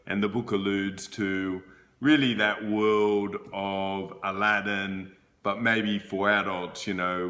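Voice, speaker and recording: A man's voice: fairly low pitch, pushed and bright. A man giving a casual book review to camera, rambling with frequent fillers and restarts.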